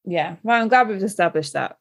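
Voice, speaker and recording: A woman from the UK speaks with a British accent, her voice sitting in an ordinary middle pitch. She co-hosts a podcast in a chatty, teasing way and laughs often. Her speech is loose and full of "like" and "um". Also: lively intonation, fairly quick. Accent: British English. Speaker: podcast co-host. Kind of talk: casual chat.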